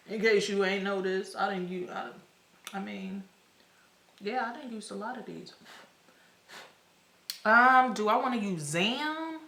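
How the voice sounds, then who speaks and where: A young woman filming a casual makeup tutorial, chatty and slangy with excited exclamations. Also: mid-range voice. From United States. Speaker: beauty vlogger. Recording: echoey room.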